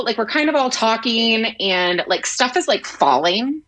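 A woman's voice: unhurried, background noise. A woman co-hosting a podcast over a call, telling a story in casual chat, acting out quotes and leaning on "like". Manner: animated storyteller, acts out quotes with big pitch jumps; fillers like "like" and restarts. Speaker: podcast co-host. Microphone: remote call.

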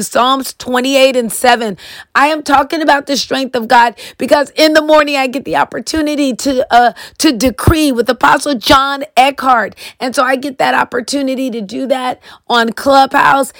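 A woman's voice: sits high, no echo, studio quality. A woman in her fifties hosting her own devotional podcast, speaking in an earnest, emphatic way and repeating phrases for emphasis. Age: 50s. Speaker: podcast host. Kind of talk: personal devotional podcast talk.

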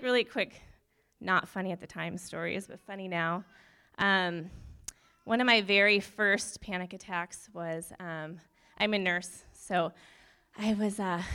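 A woman's voice: medium pitch, sharp tone, clear, resonant tone. Nervous, giggly young woman telling her story. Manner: nervous, rambling, laughs often, self-deprecating. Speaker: nurse sharing a testimony. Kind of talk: personal testimony talk.

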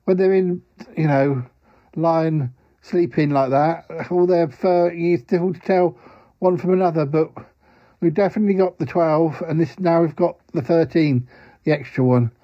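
A man's voice: a little high, dry recording, dull audio, close to an everyday voice. Man doing a quacking duck rescuer. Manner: punctuates speech with "quack, quack". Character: quacking duck-like male rescuer, fussy and reassuring.

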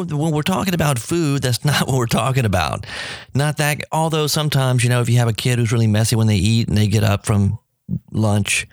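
Excitable New radio host, man. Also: dry recording, studio quality. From New Orleans. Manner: enthusiastic, rambling, pitch jumps when excited. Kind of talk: radio talk about food.

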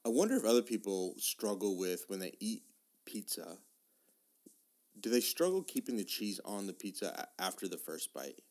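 Deep-voiced man, rambling casual chat. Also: very animated, darkish tone. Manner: rambling, self-deprecating, quick to laugh. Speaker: teacher and podcast co-host.

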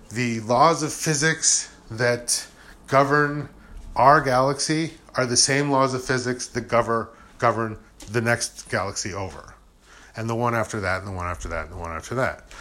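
A man's voice: medium pitch, bright, forceful tone. Rambling man musing on the universe. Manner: rambling, acts out imagined objections; casual, uses "brah" and "you know". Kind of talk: casual spiritual monologue.

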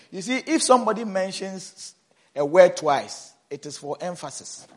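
A man preaching a sermon as pastor, swinging between shouted emphasis and soft low asides, repeating words and asking the congregation questions. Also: sing-song, moderate pace.

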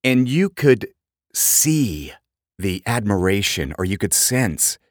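A middle-aged man co-hosting a podcast, telling animated anecdotes in casual chat and jumping up in pitch for quoted voices. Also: slow pace, no room sound, clean studio sound. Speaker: podcast co-host.

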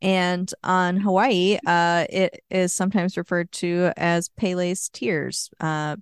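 A laid-back young woman co-hosting a podcast, explaining facts in a steady, easy manner. Her voice sits a little low and has a strong gravelly fry. The sound is dry and close-miked. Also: slow pace, no room sound. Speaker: podcast co-host. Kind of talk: casual chat, sharing facts.

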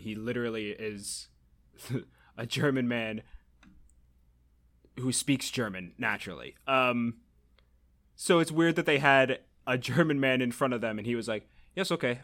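A young man chatting casually, rambling and animated, laughing often. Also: medium pitch. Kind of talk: casual chat.

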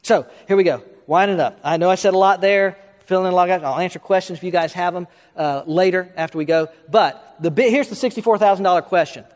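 A man preaching a Bible-study sermon, speaking quickly, with frequent restarts and filler words, and pushing up into questions he asks the room. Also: high-pitched. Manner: talks quickly, restarts and fills in with uh, rising to questions. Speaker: pastor. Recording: long hall reverb.

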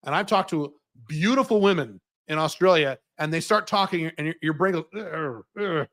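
Living in Dubai, this American host speaks a little fast in a fairly bright voice on the high side, with a General American accent. His livestream Q&A monologue features blunt answers to viewer questions, laced with profanity and mocking impressions.

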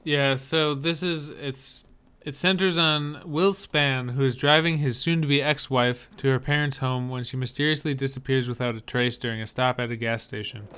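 A man's voice: medium pitch, steady tone, normal speed, sharp tone, clean tone. A man co-hosting a podcast, chatting casually about movie trailers and explaining details with frequent restarts. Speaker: podcast co-host.

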